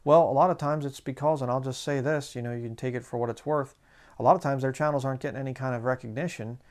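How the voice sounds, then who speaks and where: A man preaching a sermon in a conversational way, slowing down to read scripture aloud. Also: medium pitch, steady tone.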